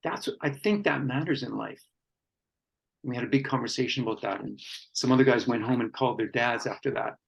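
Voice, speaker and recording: A man speaking at a workshop on men and conflict, earnest and reflective, with pauses and fillers. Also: medium pitch, gravelly, breathy edge, low-quality recording.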